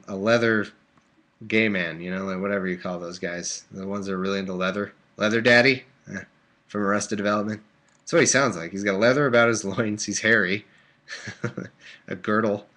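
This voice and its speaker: A man's voice: fairly low pitch, fairly even intonation, fairly quick, bright, forceful tone. A man casually reading aloud on a live stream, breaking off for sleepy, joking asides. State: drowsy. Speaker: host reading and commenting. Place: warm room at home.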